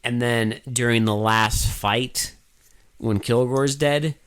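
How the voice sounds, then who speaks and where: A man's voice: mid-range voice, steady tone, takes it slowly, a bit bright, smooth. A man co-hosting a podcast, joking sarcastically and swearing as he talks about a movie. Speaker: podcast co-host. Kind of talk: casual movie review chat.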